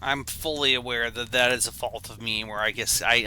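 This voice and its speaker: A man's voice: medium pitch, steady tone, normal speed, bright, forceful tone, a little hiss or hum. A young man streaming a game, rambling in casual commentary with goofy, self-deprecating asides.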